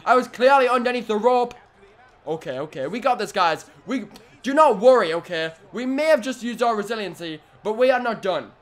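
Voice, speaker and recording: A man with a high voice gives loud, excitable play-by-play as he plays a video game. He swings between low groans and sudden shouts, swears casually and says many lines twice. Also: brisk. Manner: swears casually and repeats phrases. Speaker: gaming video host. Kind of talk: excited let's-play commentary.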